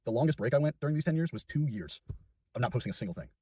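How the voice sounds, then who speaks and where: A nineteen-year-old man rambles quickly through a casual vlog, self-deprecating and full of fillers. His low voice is husky and sits a little away from the mic, in a dry space with no echo. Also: animated, mellow, distant mic. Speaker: YouTuber.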